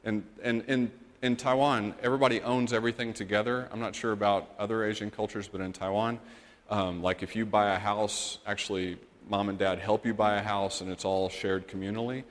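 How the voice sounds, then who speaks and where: Man preaching in a big echoey church hall, low voice, earnest storytelling sermon that builds to firm points. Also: little pitch movement, fairly quick. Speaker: missionary preacher. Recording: long reverb of a church hall.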